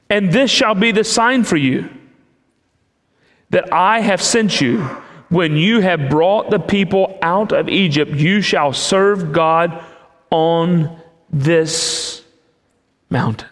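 A man preaching a sermon in an emphatic way, with long pauses between phrases. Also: a little high, animated, fairly bright tone. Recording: long hall reverb.

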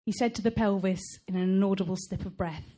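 A woman author reading her own novel aloud at a live event, measured and expressive. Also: medium pitch.

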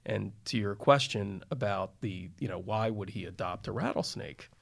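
A man's voice: fairly low pitch, normal speed, creaky. A middle-aged man, a criminal defense attorney co-hosting a podcast, telling a courtroom anecdote in a wry, self-deprecating way. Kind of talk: casual storytelling chat.

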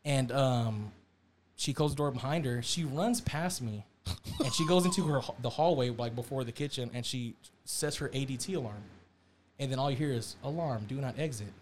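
Young man, casual storyteller, animated slang, mid pitch, faint background noise. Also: moderate pace. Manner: animated slang-heavy storytelling, acts out quotes. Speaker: storyteller on a podcast.

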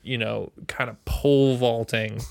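A man's voice: medium pitch, fairly even intonation, measured pace, gravelly, clear, resonant tone, no echo, clean studio sound. A young man co-hosting a podcast, telling a story with lots of energy, swearing often and pushing back when challenged. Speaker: podcast co-host. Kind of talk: casual chat.

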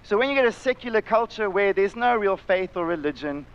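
A middle-aged man preaching a sermon, impassioned, sometimes acting out voices and sometimes dropping to a quiet intensity. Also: sits high, lively intonation, fairly quick, clean tone, dull audio. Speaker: pastor. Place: church, live-streamed service.

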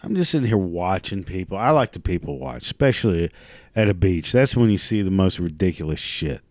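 A middle-aged man rants solo, swearing constantly and rambling with stops and restarts. His voice sits low, and the sound is bone dry and close, with no room around it. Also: expressive, a little fast, darkish tone, no echo. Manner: profane, crude, ranting. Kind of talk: casual monologue rant.

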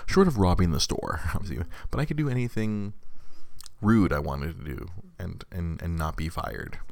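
A man's voice: low-pitched, creaky, no room sound. A man, casually telling a rambling story to viewers, repeating words and laughing often.

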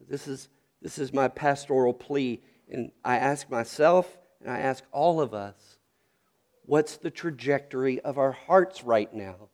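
A man's voice: mid-range voice, darkish tone. A middle-aged man from North Carolina, a pastor preaching a sermon with storytelling and earnest questions.

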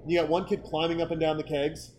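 A middle-aged man telling bar stories in casual chat, animated, acting out the voices of the people he quotes and laughing often. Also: fairly high pitch, fast talker, slight background noise, low-quality recording. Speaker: podcast guest telling stories.

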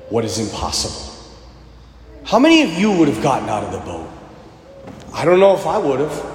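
A male pastor preaching a sermon in a church, swinging between loud emphasis and hushed moments. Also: on the high side, slight background noise. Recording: echoey hall with faint ambience.

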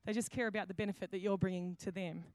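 A woman's voice: medium pitch, fairly even intonation, quick pace, darkish tone, dry recording. A woman pastor preaching a sermon, telling the story with acted-out quotes and many restarts. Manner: storytelling, acts out quoted lines, frequent restarts.

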